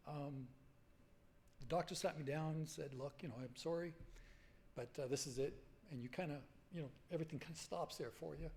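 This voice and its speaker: Halting, emotional man in his forties. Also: medium pitch, darkish tone. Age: 40s. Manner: halting and emotional, many fillers and restarts. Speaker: patient speaker at a medical symposium. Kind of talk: personal story told to an audience. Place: conference hall.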